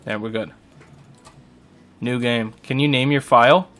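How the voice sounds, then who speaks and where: A man's voice: mid-range voice, fairly even intonation, a bit bright. A man co-hosting a podcast, chatting casually and jokily while playing a game. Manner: jokey, rambling, quick asides. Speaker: podcast co-host.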